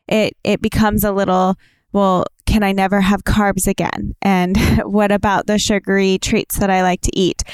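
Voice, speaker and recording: A woman's voice: mid-range voice, darkish tone, clean tone, no echo. A woman co-hosting a podcast interview, asking questions in an affirming, conversational way. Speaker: podcast co-host.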